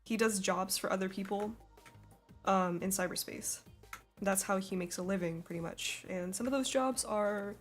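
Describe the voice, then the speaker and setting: A woman's voice: medium pitch, moderate pace, soft background music. A young woman streaming while she draws, chatting casually with viewers in a giggly, laughing way at a desk microphone. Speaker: streamer drawing and reading chat. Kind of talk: casual live-stream chat.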